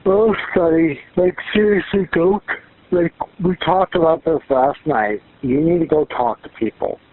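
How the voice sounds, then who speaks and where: A man's voice: on the high side, unhurried. A man in a casual phone conversation, giving advice in a coaxing, loose, rambling way. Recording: tinny phone line with faint noise.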